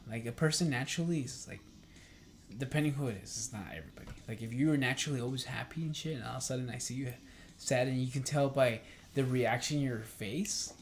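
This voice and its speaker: A young man hosting a podcast, talking casually in a rambling way, with lots of fillers and swearing, and acting out quoted talk in a livelier voice. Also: medium pitch. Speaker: podcast host. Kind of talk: casual chat.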